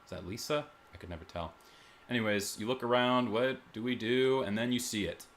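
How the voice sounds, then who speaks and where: A man's voice: medium pitch, brisk, a little hiss or hum. A young man giving nervous, rambling commentary as he plays a horror game at home. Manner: nervous, rambling, talks to himself. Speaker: gaming YouTuber. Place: home, in front of a big TV.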